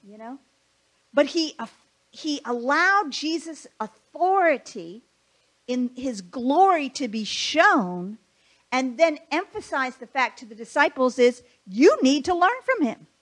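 A woman's voice: high-pitched, lively intonation, slow, a bit bright. A woman preaching a conversational sermon, asking her listeners rhetorical questions.

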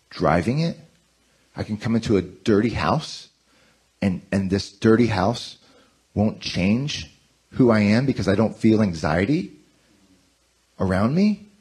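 Lively low-voiced husky male preacher. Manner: animated, self-mocking storytelling. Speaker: pastor. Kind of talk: conversational sermon.

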